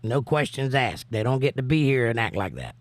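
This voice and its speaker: A man with a Southern US accent and a hoarse voice, hosting a livestream and reading chat comments aloud in an easygoing, drawling way. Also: mid-range voice, big pitch swings, fairly quick, no echo. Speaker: livestream host.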